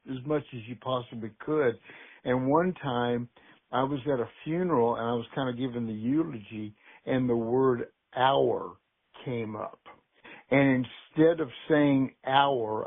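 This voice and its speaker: Older Texan man on a phone line. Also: medium pitch. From Texas. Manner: storytelling, laughs easily. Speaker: musician guest. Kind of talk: phone interview.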